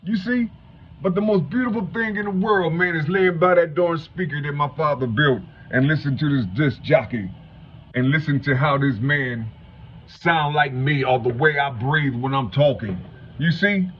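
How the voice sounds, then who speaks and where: Fifties guy from cincinnati, rambling and stuttering, cussing a lot, muffled lo-fi sound with faint hum. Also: normal speed. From Cincinnati, Ohio. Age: 50s. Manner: rambling, stuttering, repeats "you know what I'm saying"; salty street talk, heavy swearing. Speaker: vlogger. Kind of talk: casual monologue to viewers. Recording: dull low-fi home recording, faint hum.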